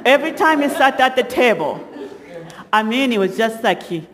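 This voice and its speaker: A middle-aged woman giving a sermon testimony as guest speaker, telling stories with halting restarts and lively acted quotes. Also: fairly high pitch. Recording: long hall reverb.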